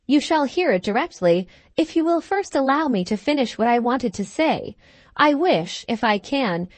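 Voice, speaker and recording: A woman voicing a wronged young woman who speaks gently, steadily and firmly. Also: a little high, no echo. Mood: earnest. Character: wronged young woman, calm, patient and firm.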